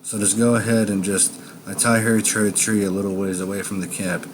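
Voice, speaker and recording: A man narrating a first-person scary story in a low, unhurried, menacing drawl. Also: flat delivery, background noise.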